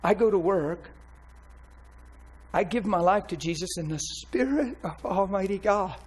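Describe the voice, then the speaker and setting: Guy preaching his testimony, high husky voice, really fired up and emphatic. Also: a little slow, rough recording. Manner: impassioned, emphatic. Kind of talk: testimony sermon.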